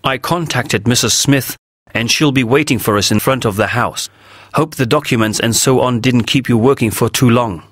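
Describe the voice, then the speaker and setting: A man's voice: medium pitch, moderate pace, a bit bright, slightly rough, no room sound, studio quality. A man voicing an earnest, slightly awkward young man in a storybook reading.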